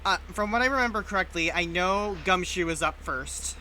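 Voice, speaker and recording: A voice actor chatting casually on stream, halting and restarting while recalling details. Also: medium pitch, slight background noise, rough recording. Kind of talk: casual chat. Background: loud background music.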